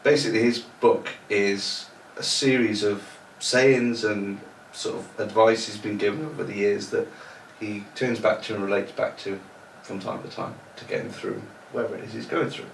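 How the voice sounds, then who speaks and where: A man's voice: fairly low pitch, steady tone, moderate pace, vocal fry, few pauses. A man co-hosting a casual podcast, sounding bunged up with a cold and laughing easily with his friends. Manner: laid-back, laughs easily, reads passages aloud. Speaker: podcast co-host. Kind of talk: casual chat. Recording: echoey room, distant mic, faint noise.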